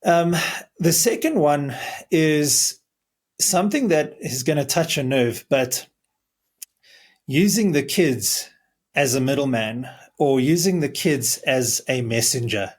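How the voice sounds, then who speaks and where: A man's voice: fairly high pitch, animated, takes it slowly. A man who is a marriage coach, earnestly explaining advice in a podcast conversation. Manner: earnest, explaining, restarts words.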